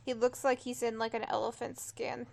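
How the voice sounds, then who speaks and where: A young woman co-hosting a podcast, chatting excitedly and quickly about a movie while watching it. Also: on the high side, gravelly. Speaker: podcast co-host. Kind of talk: casual movie watch-along chat.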